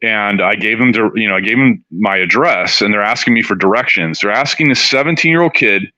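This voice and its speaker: A man's voice: lowish voice, brisk, pushed and bright, no echo. A middle-aged man from Southern California, telling a long story as an interview guest in a rambling, profane way, full of "you know". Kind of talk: casual storytelling. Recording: dull, dry studio sound.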